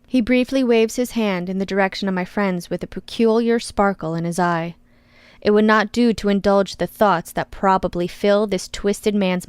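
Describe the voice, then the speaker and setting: A woman's voice: medium pitch, smooth, no room sound. A woman narrating an audiobook in the first person, with a wry, sarcastic edge.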